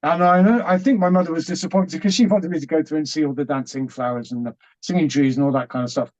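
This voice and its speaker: British man, guest storyteller, high voice, lively, dull lo-fi sound. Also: quick pace. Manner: animated, acts out quotes, laughs often. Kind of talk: storytelling interview.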